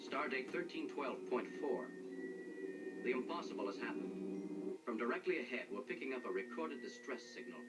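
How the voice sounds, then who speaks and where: An actor playing a steady starship captain, reading a formal log in a measured 1960s TV drama style. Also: male voice, medium pitch, recorded from a distance, natural voice. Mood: grave. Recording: TV audio heard from across the room. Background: loud dramatic score.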